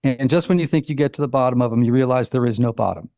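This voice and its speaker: A man in his sixties, an author and psychotherapist, talking as a guest in an interview, animated and storytelling, acting out little quotes and using many fillers. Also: mid-range voice, quick pace, gravelly, no room sound. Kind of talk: conversational interview.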